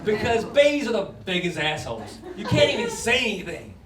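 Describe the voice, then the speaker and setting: A man's voice: high voice, fairly quick. A man doing a stand-up comedy set in a club, swearing and acting out voices, with audience laughter. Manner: swearing, animated, acts out voices. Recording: echoey club recording from a distance.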